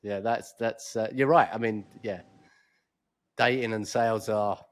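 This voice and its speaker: A man hosting an interview, asking halting questions with many restarts and repeated words. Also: on the low side, steady tone. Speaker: interview host.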